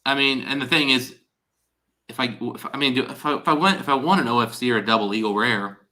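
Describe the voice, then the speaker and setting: Bright-voiced chatty man. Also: medium pitch, a little fast. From Ohio, USA. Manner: chatty, rambling, frequent restarts. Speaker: stream host. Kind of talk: casual chat on a live stream.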